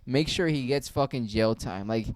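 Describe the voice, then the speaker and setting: A man's voice: mid-range voice, normal speed, no room sound. A young man giving ranting commentary, profane and heated, firing off rhetorical questions. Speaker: online commentator.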